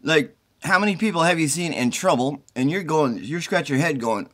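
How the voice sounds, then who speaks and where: Middle-aged man, flu-tired, agitated and profane, pitched a touch high, pleading to camera. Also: animated, fairly quick, fairly bright tone. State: sick with the flu, congested and tired. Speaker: self-recording video poster. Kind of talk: rambling direct-to-camera plea. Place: indoors at his mother's home.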